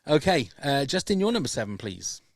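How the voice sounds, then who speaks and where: A man's voice: mid-range voice, very animated, brisk, creaky, dry recording, studio quality. A man hosting a podcast, enthusiastic, often trailing off between phrases. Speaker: podcast host. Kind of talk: casual chat.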